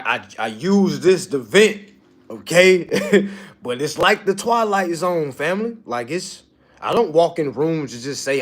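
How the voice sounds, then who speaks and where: Blunt, animated man with a lively voice. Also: fairly high pitch. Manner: blunt, profane, animated, repeats "all right?". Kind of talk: casual motivational monologue.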